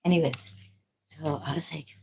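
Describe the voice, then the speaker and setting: A tired woman from Pakistan talking alone on a livestream at home, halting and apologetic, often trailing off and restarting. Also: low-pitched, fairly even intonation, vocal fry, warm tone, slight background noise, rough recording. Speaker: livestream host. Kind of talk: rambling livestream monologue. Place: at home, making tea.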